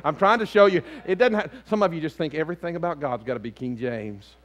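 With a fairly high pitch and a fast delivery, a man preaches as lead pastor in a church sanctuary. His animated sermon swings between loud outbursts and hushed lines.

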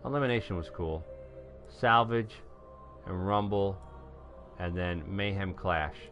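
Middle aged new york guy streaming games live, bright punchy voice, gets loud and excited, chats to the folks watching. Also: deep voice, measured pace, highs cut off, faint music behind. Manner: excitable, shouts at wins, talks to viewers as folks. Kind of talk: live gameplay commentary.

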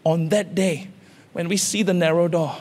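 A Singaporean senior pastor preaches an impassioned sermon in a large, reverberant church hall with faint music behind him. His voice is on the high side, darkish and steady at a normal speed, as he presses listeners with urgent, repeated, rising calls.

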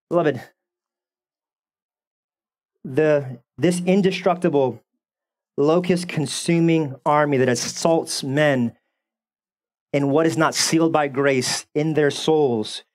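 Animated, sarcastic man preaching a sermon. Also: fairly high pitch, a little slow, long pauses. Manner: animated, sarcastic, repeats words when fired up. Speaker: pastor.

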